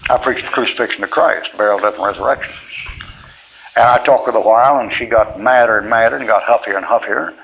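A fast-talking middle-aged preacher, his mid-range voice creaky and fairly bright, shares plainspoken church stories in a folksy sermon style with frequent chuckles. The recording is dull lo-fi tape with a faint hiss.

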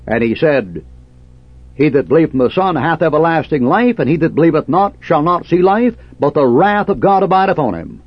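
A man's voice: fairly high pitch, sing-song, fairly quick, breathy edge, dry recording, lo-fi sound. A man preaching a fiery, combative sermon, sarcastic and quoting scripture in old King James cadence.

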